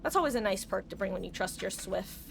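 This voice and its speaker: A woman livestreaming a game, rambling and thinking out loud as she plays and chats to her viewers. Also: mid-range voice, lively intonation, a little fast, gravelly, music in the background. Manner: rambling, chatty asides to chat, thinking aloud. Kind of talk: casual live gameplay commentary.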